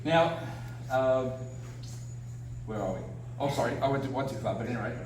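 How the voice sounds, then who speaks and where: A man's voice: medium pitch, expressive, moderate pace. Chatty Australian man presenting on stage. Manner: chatty and self-deprecating, frequent fillers and laughs. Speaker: paranormal researcher giving a presentation. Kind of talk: casual conference talk. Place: convention hall. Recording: echoey hall from a distance, faint background noise.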